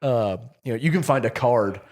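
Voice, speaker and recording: A man, a pastor, in casual chat about a sermon, chatty and self-mocking, quick to laugh. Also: medium pitch, animated, a little mellow. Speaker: pastor, podcast co-host.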